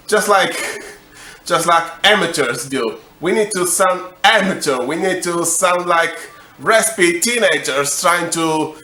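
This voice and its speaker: A young man hosting a comedic music tutorial, explaining every step in a slow, deadpan way. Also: on the high side.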